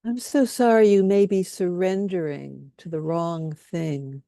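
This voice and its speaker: A woman leading a guided healing workshop, speaking softly and soothingly as she has the group repeat statements after her. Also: on the low side, steady tone, unhurried, creaky, no echo, clean studio sound. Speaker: workshop leader.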